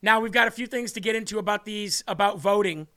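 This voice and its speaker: This livestream host talks fast, delivering fiery political commentary in a high, bright, sharp voice. He's combative and ranting, leaning hard into every point.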